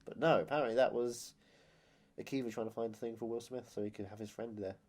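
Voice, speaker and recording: A man's voice: medium pitch, fairly even intonation, quick pace, darkish tone. A man co-hosting a film podcast in casual, playful, teasing chat. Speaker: podcast co-host.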